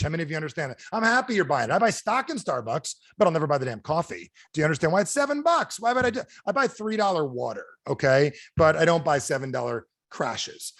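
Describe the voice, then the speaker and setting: Animated man giving a sales pep talk. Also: a little high, no echo, clean studio sound. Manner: animated, asks the audience repeated questions. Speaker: motivational speaker. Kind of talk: energetic sales training talk. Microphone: video call.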